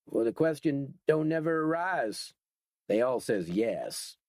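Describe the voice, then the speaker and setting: A man's voice: mid-range voice, big pitch swings, takes it slowly, a little mellow, no room sound, studio quality, voice pushed up. A man voicing a menacing biker gang leader who talks in a mild, soothing, mock-courteous drawl.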